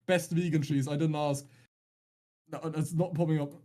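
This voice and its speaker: A man casting a live esports stream, chatting casually with teasing, deadpan jokes and rambling restarts. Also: on the high side, moderate pace. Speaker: esports caster.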